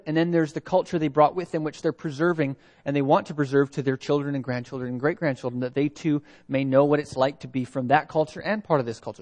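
A man's voice: on the high side, darkish tone. A man preaching a sermon from Canada, reading scripture aloud and asking reflective rhetorical questions. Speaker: pastor.

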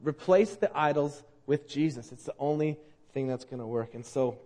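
A man's voice: fairly high pitch, normal speed. Earnest, emphatic preaching man. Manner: swings from loud emphatic preaching to quiet earnest appeals. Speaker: pastor. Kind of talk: sermon.

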